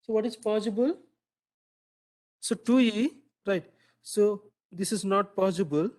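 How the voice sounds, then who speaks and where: High-voiced lecturer quizzing his class. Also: unhurried, a little mellow. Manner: quizzes students, repeats answers, frequent "right?" and "so". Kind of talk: classroom lecture with student questions.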